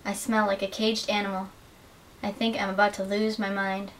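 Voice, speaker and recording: A woman's voice: medium pitch, little pitch movement, normal speed. Young woman reading aloud, distant and hissy. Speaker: student reader. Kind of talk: dramatic reading of literary excerpts. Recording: distant mic with faint hiss.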